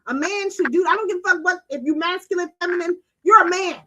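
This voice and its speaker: A woman's voice: very high-pitched, quick pace, bright, forceful tone, poor audio. A woman hosting a streaming talk show, ranting bluntly with a lot of swearing and emphatic delivery. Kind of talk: casual livestream commentary.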